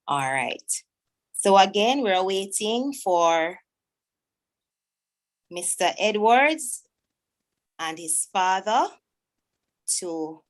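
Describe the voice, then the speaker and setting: A woman, a teacher chatting to pupils in a self-deprecating way while she searches for a poem. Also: lowish voice. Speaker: teacher hosting a school event. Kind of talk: casual talk to pupils online.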